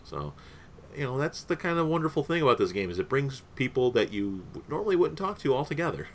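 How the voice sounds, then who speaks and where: A man's voice: mid-range voice, sing-song, quick pace, slight background noise. Rambling young male podcast host. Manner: rambling, with many fillers and laughs. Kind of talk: casual podcast chat.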